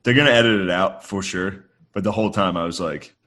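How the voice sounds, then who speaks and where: A man's voice: low voice, brisk, sharp tone. A man co-hosting a podcast, telling stories in loose, profane banter and laughing often. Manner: swearing, laughing, playful impressions. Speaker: podcast co-host.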